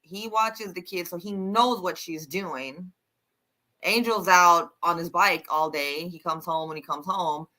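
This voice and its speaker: A woman's voice: lowish voice, a little slow, pushed and bright. A woman co-hosting a live TV recap, casual and blunt, stressing her points with emphatic reactions. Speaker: show co-host.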